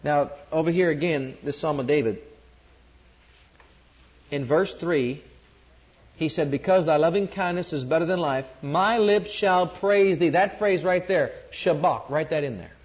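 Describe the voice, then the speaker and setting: A man's voice: a little high, normal speed, long pauses. Emphatic male preacher, muffled recording. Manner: emphatic, calls on the congregation to respond. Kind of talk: sermon.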